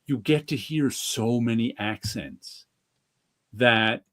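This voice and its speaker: A man with a New York accent talks casually on a podcast, wandering through his thoughts with lots of restarts. His pitch sits in a middling range. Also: takes it slowly, a bit bright. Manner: rambling, with restarts and light laughs. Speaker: podcast co-host. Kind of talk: casual chat.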